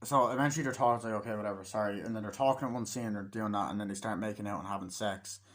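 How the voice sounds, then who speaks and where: A man's voice: fairly low pitch, steady tone, rapid-fire, a bit bright. A young man giving a casual movie review, rambling with plenty of swearing and acting out scenes as he retells them.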